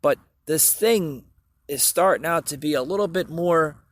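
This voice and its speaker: A man with a slightly high voice talks a little slowly on his solo podcast, with no room sound at all. His casual commentary drifts through the news, full of fillers and restarts, as he speaks straight to the people listening.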